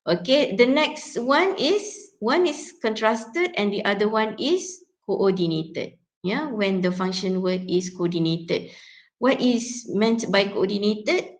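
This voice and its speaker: A woman lecturer with a Malaysian accent teaches her students, walking through each point in turn. She keeps checking in with a quick "yeah?" as she goes, in a voice of ordinary middle pitch. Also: expressive, low-quality recording. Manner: explains step by step, often checking with "yeah?". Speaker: university lecturer. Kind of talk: teaching a phonetics class.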